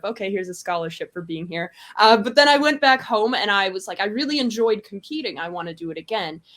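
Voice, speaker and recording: A young woman from Wisconsin, in her twenties, chats as a podcast guest. Her talk is upbeat and lively, and she laughs often between her stories. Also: medium pitch. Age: 20s. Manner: upbeat and chatty, quick to laugh. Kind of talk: casual conversation.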